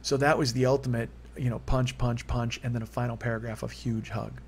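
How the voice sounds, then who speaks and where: This forties-aged man rambles candidly through a personal story by himself, confessional in tone. He speaks a touch fast in a mid-range, level voice that leaps upward when he gets heated, with faint hiss or hum behind him.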